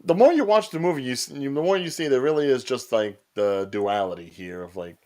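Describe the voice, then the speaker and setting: A man with an ordinary mid-range voice talks casually about a film. He thinks out loud, restarting his sentences and filling pauses. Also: medium pitch, expressive. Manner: thinking aloud with restarts and fillers. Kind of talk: casual watch-party chat.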